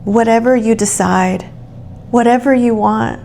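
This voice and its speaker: A woman giving a soothing channeled tarot reading, speaking gently and affirmingly straight to the listener. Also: mid-range voice, fairly even intonation, measured pace, creaky, a little hiss or hum. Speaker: tarot reader.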